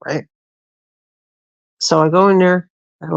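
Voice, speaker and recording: A woman's voice: deep voice, fairly even intonation, normal speed, gravelly, pauses often, no room sound, poor audio. A middle-aged woman hosting a livestream, telling a rambling story casually to her viewers, swearing freely and often restarting her sentences. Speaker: livestream host.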